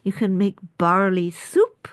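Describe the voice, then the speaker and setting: A woman's voice: medium pitch, big pitch swings, slow pace, clear, resonant tone, no echo. A middle-aged woman with an English accent, a doctor and school principal, giving a chatty, informal health talk to camera with jokey asides. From United Kingdom.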